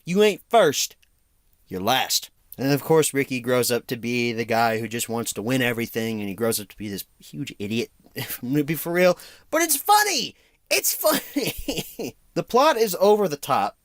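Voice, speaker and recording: A young man giving a casual solo movie review, animated and laughing often. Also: medium pitch, a little fast, dry recording, clean studio sound.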